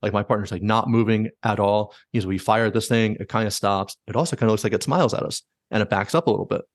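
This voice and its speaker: A man with a lowish voice tells a story at a rapid clip, stuffing it with likes and quick quoted asides. He sounds relaxed and chatty, as a podcast host does. The sound is close and dry, with no room echo. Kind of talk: casual storytelling.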